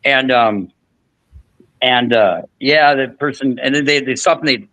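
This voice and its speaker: A man's voice: medium pitch, a little slow, pushed and bright, no echo, poor audio. A man hosting a podcast, telling a long story in casual chat with frequent restarts and fillers. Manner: rambling, many restarts and fillers. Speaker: podcast host.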